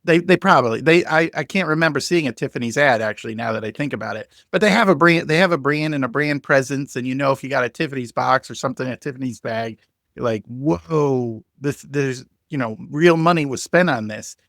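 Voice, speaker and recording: A man's voice: mid-range voice, fast talker, creaky, a bit bright, no echo, studio quality. A man hosting a podcast, asking questions as he thinks them through aloud. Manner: thinks aloud while asking, restarting sentences. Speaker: podcast host. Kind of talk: interview questions.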